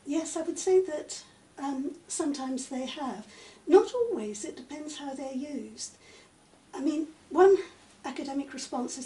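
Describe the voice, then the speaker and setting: High-voiced woman, roomy distant recording. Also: animated, dark tone. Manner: measured, articulate, many "um" pauses. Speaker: interviewee, literature professor. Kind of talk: conversational interview. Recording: echoey room, mic at a distance, faint noise.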